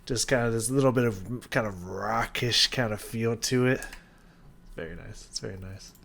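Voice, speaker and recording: A man's voice: medium pitch, moderate pace, vocal fry, loud music behind the voice. A young man in casual chat, reacting to a song with enthusiasm, scatting rhythms and using lots of fillers. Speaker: music reaction host. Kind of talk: casual music analysis.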